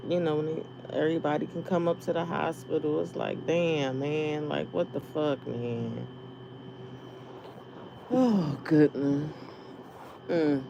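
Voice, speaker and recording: A woman's voice: sits low, vocal fry, muffled recording, noisy background. A woman venting casually to her viewers, rambling, swearing and laughing as she tells stories. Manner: profane, laughing, rambling storytelling. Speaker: live streamer.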